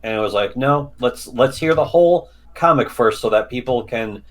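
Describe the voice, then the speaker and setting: A man's voice: medium pitch, lively intonation, moderate pace. A man co-hosting a casual comedy podcast, talking loosely with swearing and thoughts that trail off. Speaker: podcast co-host.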